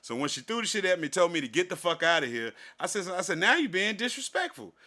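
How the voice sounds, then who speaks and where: A middle-aged man, co-hosting a podcast and telling a profane story in animated, casual chat. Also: fairly high pitch, fast talker. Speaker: podcast co-host.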